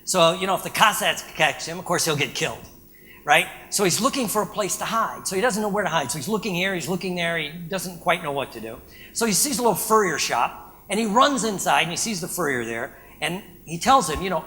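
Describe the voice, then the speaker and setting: A man giving a lecture, telling an anecdote in an animated way and often checking in with "right?". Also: high voice, a little fast, slight background noise. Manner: animated storytelling with frequent "right?" check-ins. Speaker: speaker. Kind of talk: storytelling lecture.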